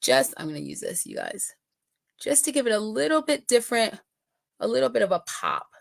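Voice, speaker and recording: A woman's voice: on the high side, wildly swooping pitch, a little fast, creaky, no echo. A middle-aged woman giving a casual makeup tutorial, chatting with viewers and often checking in with them. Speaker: makeup consultant.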